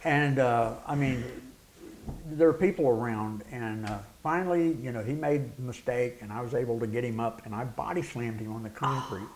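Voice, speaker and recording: A middle-aged preacher who once wrestled shares an animated story as an interview guest, playing out the quotes and laughing. His mid-range voice moves at a moderate pace, and a slight hiss or hum can be heard.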